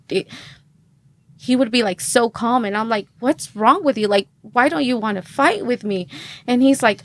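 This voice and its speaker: With a slightly high, gravelly voice and a bit of hiss or hum behind her, a woman in her thirties tells her personal testimony as a podcast guest. She's chatty, leans on fillers, and acts out quoted dialogue.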